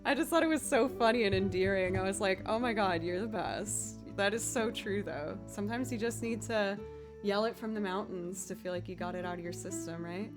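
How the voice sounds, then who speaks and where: A young woman musician chats casually with her livestream viewers, upbeat and quick to laugh. Her slightly scratchy voice sits at a medium pitch, with music playing in the background.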